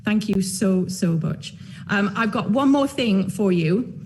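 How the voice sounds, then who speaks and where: A woman's voice: medium pitch, expressive, slow, breathy edge, poor audio. A woman interviewing a guest, asking questions and thanking him effusively. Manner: warm, effusive. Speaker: interviewer, institution president.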